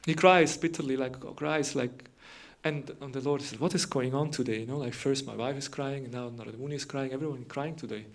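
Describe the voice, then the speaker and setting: A man's voice: mid-range voice, steady tone, fairly quick, gravelly, few pauses. A man giving a devotional morning lecture, retelling scripture in a loose conversational way with frequent fillers and restarts.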